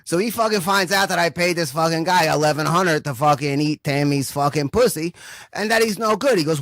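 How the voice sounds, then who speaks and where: A man's voice: on the high side, expressive, moderate pace, fairly bright tone, no room sound, clean studio sound. A man telling a long, crude comic story, rambling and profane, checking in with "right?" again and again.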